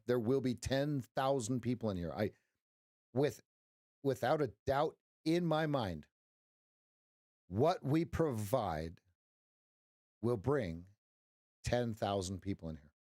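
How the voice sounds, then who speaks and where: A man's voice: mid-range voice, lively intonation, slow pace, long pauses, a little mellow, dry recording, clean studio sound. Chatty man hosting a trading livestream. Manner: joking, talks straight to chat, folksy pep talk. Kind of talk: casual livestream chat with viewers.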